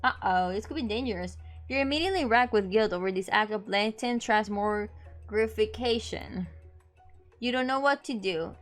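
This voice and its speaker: A young woman streaming herself reading a dating sim aloud, playful and giggly, reacting to the text as she goes, with faint game music behind her. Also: on the high side.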